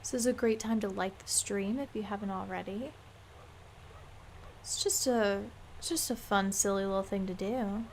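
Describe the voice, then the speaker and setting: A woman's voice: medium pitch, normal speed, a little mellow, a little hiss or hum. A young adult woman chatting playfully and musing aloud while streaming a game live.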